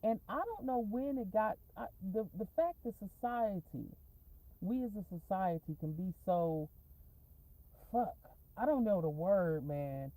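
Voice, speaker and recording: A woman's voice: medium pitch, lively intonation, a little slow, dark tone, no room sound, rough recording. A woman talking casually in a rambling, profane storytime vlog, going off on tangents and laughing often. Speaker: vlogger. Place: in a parked car.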